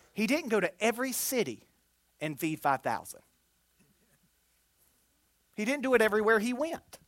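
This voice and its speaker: Brief: animated preacher leading a sermon, dry close sound. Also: medium pitch, no echo. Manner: animated, exclamatory, call-and-response with the congregation. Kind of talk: Pentecostal sermon.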